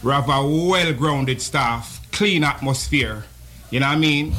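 A man's voice: mid-range voice, unhurried, pushed and bright. A man with a Jamaican accent, a barber, talking about his shop in an easygoing way. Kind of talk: casual promo chat.

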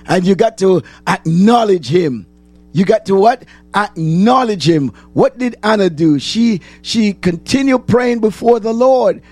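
High-voiced, slow-preaching man. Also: expressive, faint music behind. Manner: call-and-response preaching, repeats phrases, rising to shouts. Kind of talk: sermon.

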